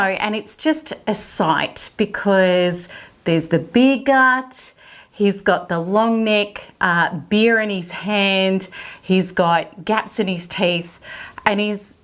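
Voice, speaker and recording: A middle-aged woman, hosting her own channel and chatting casually into a self-help talk, lively and amused as she tells a story. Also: mid-range voice. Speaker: host of a recovery channel.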